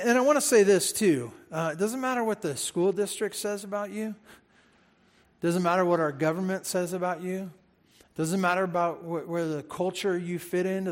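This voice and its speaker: A man preaching a sermon as pastor, emphatic and animated, repeating words for stress and speaking straight to the congregation. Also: high-pitched. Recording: hall reverb.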